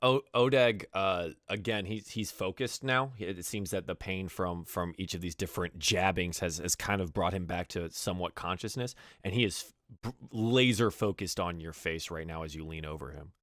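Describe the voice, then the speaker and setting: A man running a tabletop game, narrating scenes in loose, rambling speech. His voice is low with a gravelly edge. The sound is close and dry. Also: normal speed, hardly any pauses, fairly bright tone, dry recording. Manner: loose narration with frequent fillers and restarts. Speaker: game master.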